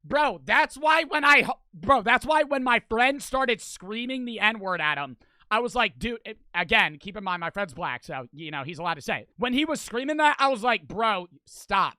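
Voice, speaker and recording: A young man reacting to a video and telling a story, loud and excitable, swearing often. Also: high-pitched, moderate pace, no room sound. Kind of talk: profane animated storytelling.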